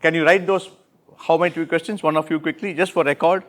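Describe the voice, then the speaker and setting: This instructor, who has an Indian English accent, rephrases and repeats his students' answers with quick praise during an interactive workshop. His voice sits a little high, with fairly even intonation.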